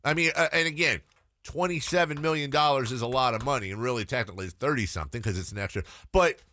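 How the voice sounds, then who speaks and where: A man's voice: mid-range voice, quick pace, sharp tone. A man hosting sports talk radio, opinionated and thinking aloud on a studio microphone.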